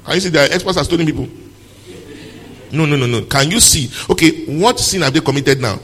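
A man's voice: fairly high pitch, lively intonation, a little fast, fairly bright tone, long reverb tail, a little hiss or hum. A male pastor preaching a sermon, reading scripture aloud and firing rhetorical questions at his congregation.

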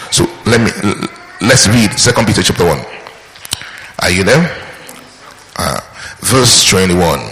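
Low-ish bright voiced preacher guy, emphatic, keeps asking the crowd questions, roomy hall. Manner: emphatic, repeats key points, asks the congregation questions. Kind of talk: sermon. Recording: echoey hall with long reverb.

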